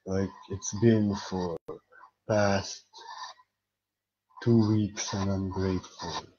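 Man, foreign accent, warm mellow voice, silly and theatrical, dull lo-fi recording. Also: low-pitched, fairly even intonation, extremely slow, a little hiss or hum. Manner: repeats words emphatically. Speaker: spiritual teacher. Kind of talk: motivational monologue.

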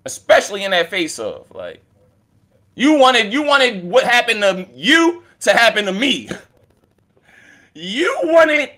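Battle rapper, male, taunting trash talk, animated and unhurried delivery. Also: high-pitched. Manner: animated, taunting, swearing, laughing. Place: indoors with friends.

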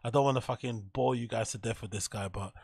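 A man's voice: medium pitch, steady tone, fast talker, creaky, a little mellow, breathy edge, no room sound, clean studio sound. A man hosting a stream, giving blunt, profane reaction commentary on comedy clips and laughing often.

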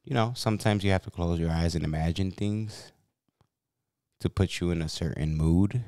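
Deep-voiced man in laid-back podcast chat. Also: normal speed, mellow, no room sound, clean studio sound. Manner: laid-back, rambling with many fillers. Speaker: podcast host. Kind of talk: casual chat.

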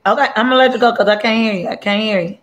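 A woman's voice: on the high side, rapid-fire. A woman hosting a casual cooking live stream from a home kitchen, chatty and joking as she greets viewers by name. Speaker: cooking show host. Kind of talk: casual live-stream chat while mixing a drink.

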